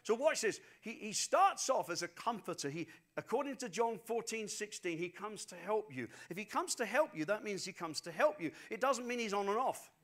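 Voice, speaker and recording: A man's voice: high-pitched, animated, moderate pace, few pauses, a bit bright. A man preaching a sermon, telling stories animatedly and repeating phrases for emphasis. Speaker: pastor.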